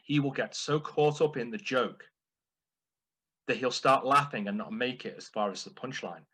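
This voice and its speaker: A man's voice: medium pitch, pushed and bright, slightly rough, low-quality recording. A man delivering a playful, humorous prepared speech at a speaking club. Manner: playful, deliberate.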